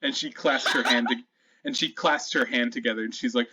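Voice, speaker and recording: Running a tabletop session as dungeon master, this man narrates loosely and chattily with lots of fillers. His medium-pitched voice is steady, fairly quick, pushed and bright, with some huskiness. The audio is lo-fi and slightly dull.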